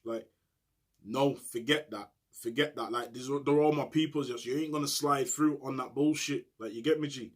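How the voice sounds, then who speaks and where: Middle-aged man, husky and mid-pitched, telling a story in street slang. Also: brisk. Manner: street slang, repeats "you get me, G". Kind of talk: casual storytelling monologue.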